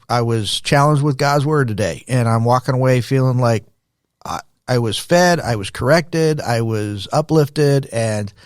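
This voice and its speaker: Measured older man, podcast guest. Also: mid-range voice, no echo, studio quality. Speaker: podcast guest, leadership coach. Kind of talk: casual interview talk.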